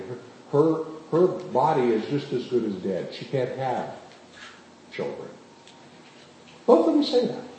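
A man preaching a sermon as pastor, often putting questions to the congregation as he tells the stories. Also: mid-range voice. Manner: questions the congregation, animated storytelling. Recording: very echoey room, faint background noise.

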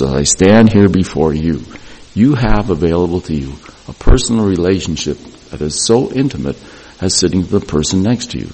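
A man's voice: sits low, darkish tone, slightly rough, poor audio. A middle-aged man giving an earnest devotional address to young graduates, repeating phrases for emphasis.

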